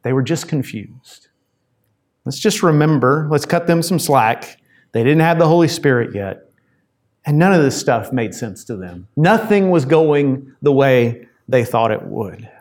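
A man's voice: mid-range voice, expressive, unhurried, a little mellow. A man preaching a conversational sermon on a Bible passage, digressing and restarting often.

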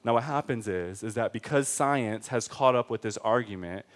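A man preaching a sermon with passion, calling the listeners friends, his delivery moving between forceful emphasis and quiet, slow, weighty stretches. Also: lowish voice. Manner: impassioned, swings from forceful to hushed and slow.

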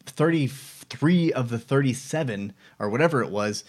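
A man's voice: medium pitch, expressive, normal speed. A man in his thirties hosting a casual personal vlog, talking reflectively with many fillers and restarts. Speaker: vlog host.

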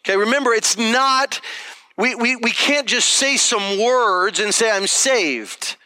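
A man's voice: extremely high pitch, expressive, a little slow, sharp tone, smooth, no room sound. A pastor preaching a sermon to his congregation in a conversational, emphatic way, often checking in with "okay?".

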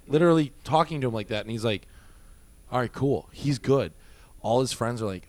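Once a nightclub bouncer, this man recounts stories during a casual podcast, with lots of swearing and animated reenactments of what people said. He speaks at medium pitch and fairly quickly.

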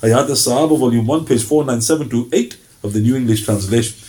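A middle-aged man with a fast, dark-toned, mid-range voice teaches Islamic history in a recorded religious lecture that includes Quran recitation. He reads out lists of references steadily and acts out short exchanges of dialogue.

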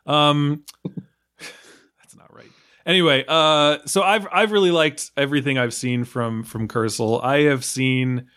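A man's voice: medium pitch, steady tone, unhurried, few pauses, fairly bright tone, smooth. A man from the United States talking casually about a film, rambling with many fillers, restarts and small laughs. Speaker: film podcast guest.

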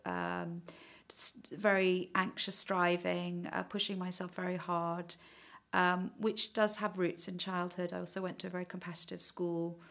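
A woman's voice: lowish voice, creaky, a bit bright. A middle-aged woman giving a hesitant, reflective personal account in conversation, with frequent fillers. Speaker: interviewee.

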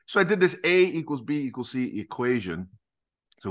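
A middle-aged man who founded a ministry is being interviewed on a podcast, and he delivers his stories with animated, emphatic, preacher-like energy. He speaks at a moderate pace in a mid-range voice.

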